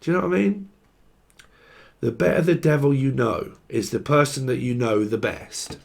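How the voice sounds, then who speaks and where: A man's voice: mid-range voice, expressive, normal speed, gravelly. A young man giving a tarot reading in a loose, rambling way, swearing freely and laughing at his own jokes. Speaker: tarot reader. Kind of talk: casual unscripted tarot reading.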